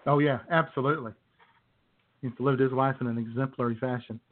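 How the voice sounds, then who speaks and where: A man's voice: mid-range voice, fairly even intonation, fairly quick. A man hosting a comedy radio show, trading dry, sarcastic remarks with his co-host. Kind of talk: casual comedy radio banter. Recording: tinny phone-like radio audio.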